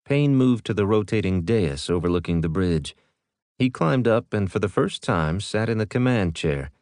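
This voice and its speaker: A man narrating an audiobook in a steady storytelling manner. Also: lowish voice, normal speed, dry recording, clean studio sound. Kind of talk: scripted narration.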